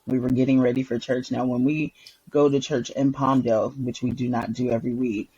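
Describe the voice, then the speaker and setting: A woman co-hosting a podcast in casual chat, an animated storyteller who laughs often and breaks into song. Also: a bass voice, a little fast, breathy edge, lo-fi sound. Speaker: podcast co-host.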